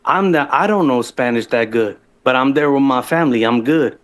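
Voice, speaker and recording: A man's voice: medium pitch, expressive, moderate pace. A man telling his own story as a guest on a livestream, rambling and profane, with frequent restarts.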